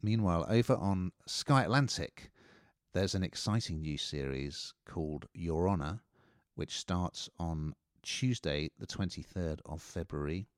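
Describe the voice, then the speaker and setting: A man's voice: low voice, measured pace, dry recording, clean studio sound. A man casually reviewing films and TV series on a radio show, chatty and opinionated.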